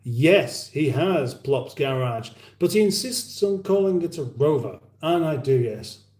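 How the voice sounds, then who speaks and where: A man's voice: fairly high pitch, expressive, measured pace, darkish tone. A man hosting a casual livestream chat, rambling with dry humour as he reads viewer comments. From England. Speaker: livestream host. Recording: roomy echo.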